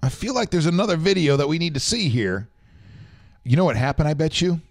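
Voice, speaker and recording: A man's voice: on the high side, animated, a little fast, a little hiss or hum. A man hosting a live-streamed show, chatting loosely and joking with viewers. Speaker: show host. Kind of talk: casual live-stream chat.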